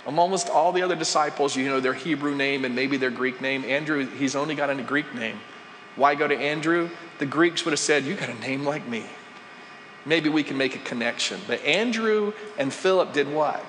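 A male pastor preaching a sermon, moving between hushed asides and emphatic rises. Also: on the high side, brisk, a little hiss or hum. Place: church sanctuary. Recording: long reverb, faint ambience.

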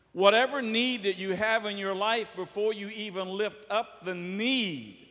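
A man's voice: high-pitched, fairly bright tone. A man preaching a sermon as pastor, folksy, with asides and jokes. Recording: long hall reverb.

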